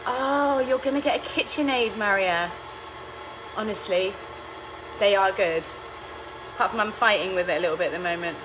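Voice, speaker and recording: A woman's voice: medium pitch, normal speed, pauses often, noisy background. A woman hosting a home cooking vlog, chatting casually to viewers, giggly and chaotic, swearing freely as she talks through a recipe in her kitchen. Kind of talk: casual chat to live viewers while cooking.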